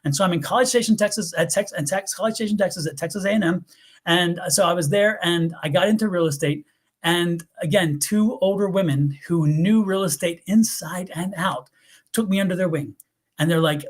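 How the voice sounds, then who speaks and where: A man from the US East Coast co-hosting a live tarot stream, chatting in an animated, rambling storytelling way. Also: sits high, fairly quick. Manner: animated, rambling storyteller who laughs often. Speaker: tarot reader co-host. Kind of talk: casual live-stream chat.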